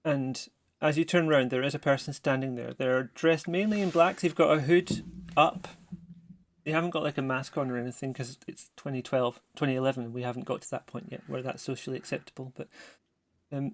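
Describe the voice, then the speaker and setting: A man's voice: mid-range voice, a little fast. A man narrating a tabletop game as game master, chatty and prone to asides. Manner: chatty, self-correcting, apologetic asides.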